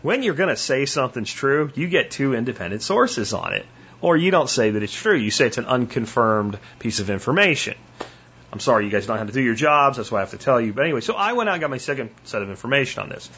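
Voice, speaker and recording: A man's voice: mid-range voice, very animated, fast talker, bright, forceful tone, breathy edge. A man hosting his own podcast, talking casually in a rambling storytelling way, with restarts and some swearing. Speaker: podcast host. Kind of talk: casual solo monologue. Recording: slightly muffled, lo-fi podcast audio.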